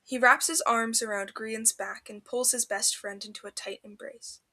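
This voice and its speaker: A woman narrating fanfiction for a podcast with an expressive, emotional delivery. Her voice is bright and a touch high, and she reads in a storybook manner. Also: moderate pace.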